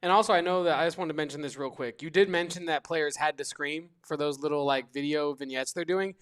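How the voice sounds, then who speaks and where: Man, sports talk host, casual chat, slightly high pitch, quick asides. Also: fairly bright tone, clean tone. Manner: chatty, jumps in with quick asides.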